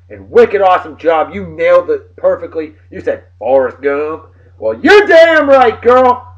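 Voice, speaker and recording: A man from New of the region, hosting a casual video blog with boisterous, jokey shout-outs. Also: high-pitched, muffled recording. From New England.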